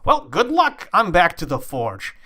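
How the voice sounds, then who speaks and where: A man's voice: medium pitch, big pitch swings, measured pace. A man voicing an evasive, brusque male dwarf smith in a tabletop game.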